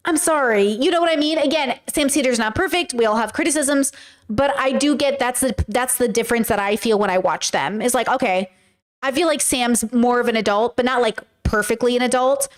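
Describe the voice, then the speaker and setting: A woman hosting a casual commentary stream, her voice sitting a little high for a woman. She talks in an emphatic, slangy way and addresses her chat directly, circling back and restating her points. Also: fairly quick.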